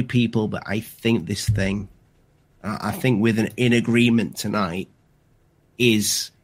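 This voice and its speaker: A man's voice: on the low side, no room sound. A man co-hosting a casual livestream chat, rambling and restarting his sentences often. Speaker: livestream co-host.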